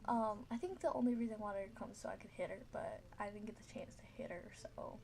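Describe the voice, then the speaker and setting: A woman's voice: medium pitch, quick pace, creaky, background noise. A teenage girl telling a story casually, rambling with many fillers and frequent giggles.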